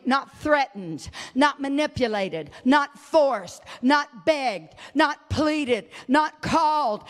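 A woman preaching a sermon, moving from quiet talk to shouted, emphatic prayer. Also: sits high, long reverb tail. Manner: emphatic, repetitive.

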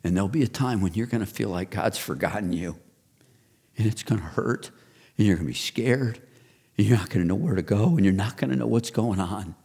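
A man in his fifties, a pastor preaching a sermon, who builds to loud rhetorical questions and then drops low and soft. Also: fairly quick, creaky, slightly rough.

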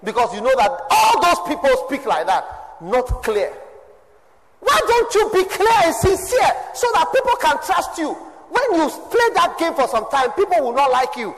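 High-voiced preacher in a reverberant hall. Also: male voice, big pitch swings, moderate pace. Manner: preaching with shifts from shouts to low asides. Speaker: pastor. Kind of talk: sermon.

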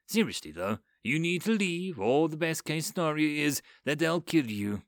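A man's voice: fairly high pitch, sing-song, moderate pace, no echo, voice pushed up. A man doing a weary, sardonic occult fixer. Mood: urgent. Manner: muttering, dry, world-weary.

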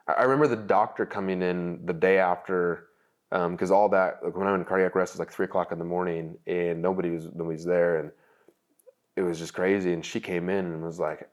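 A man's voice: sits low, fairly even intonation, brisk. A young man, an interview guest, telling his life story with many likes and restarts, at times emotional. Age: young adult.

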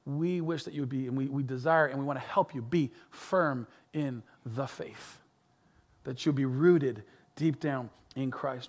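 A middle-aged male pastor preaching a sermon earnestly, repeating words, building to emphatic peaks and dropping to soft, quiet lines. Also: mid-range voice, unhurried.

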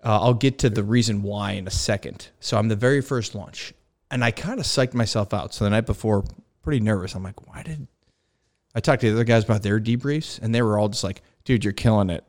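A man's voice: on the low side, fast, darkish tone. A man hosting a casual podcast chat, telling a story about learning to land on a carrier, acting out quoted dialogue and laughing often. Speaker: podcast host, former carrier pilot.

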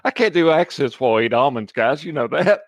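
A man's voice: mid-range voice, expressive, fairly quick, no echo. A man playing a tabletop game, chatting casually and joking with lots of laughs. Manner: jokey, laughing between lines. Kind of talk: casual chat.

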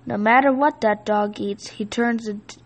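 An exasperated dad from a children's storybook, read by a woman. He makes gruff, fed-up declarations in a slightly gravelly voice. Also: a little high, steady tone, unhurried, a little hiss or hum. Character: exasperated grown-up father of a family.

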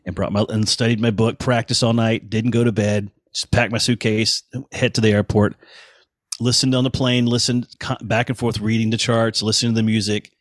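A man in his fifties, a guest musician in a casual interview, telling animated anecdotes and acting out what people said. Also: fairly low pitch, normal speed, no room sound, clean studio sound. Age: 50s. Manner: animated anecdotes, acts out quoted voices. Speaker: guest musician, touring bassist.

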